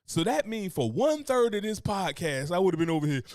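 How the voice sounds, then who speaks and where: A man riffs through casual podcast banter, cracking jokes and breaking into laughter. His voice sits high and swings widely in pitch. The sound is close and dry. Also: a little fast, no room sound. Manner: animated, joking, bursts into laughter. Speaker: podcast co-host.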